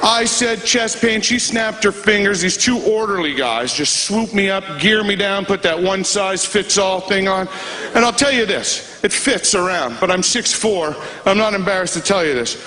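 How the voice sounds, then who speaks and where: A man doing stand-up, telling a story in an animated way and acting out voices and sound effects. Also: high voice, normal speed, a faint crowd. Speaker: stand-up comedian.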